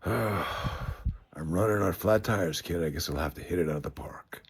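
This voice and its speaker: A man's voice: deep voice, normal speed, breathy edge, heavily acted. A man putting on a weary old ballplayer. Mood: wry. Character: aging ballplayer, male, weary and easygoing.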